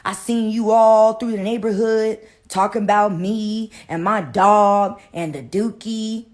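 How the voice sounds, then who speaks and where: A woman's voice: medium pitch, fairly even intonation, unhurried, a little mellow, close to an everyday voice. Woman doing a brash cursing neighbor. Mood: confrontational. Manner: cursing, tough, dragged-out.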